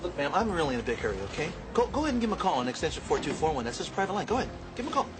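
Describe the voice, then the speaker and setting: A man's voice: on the high side, big pitch swings, racing, background noise. An actor playing a pushy man in a hurry in a TV drama. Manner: pushy, urgent. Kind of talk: TV drama acting.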